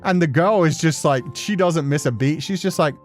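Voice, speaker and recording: A man's voice: on the high side, moderate pace, soft background music. A young man chatting casually on a stream, telling stories with many fillers and laughs.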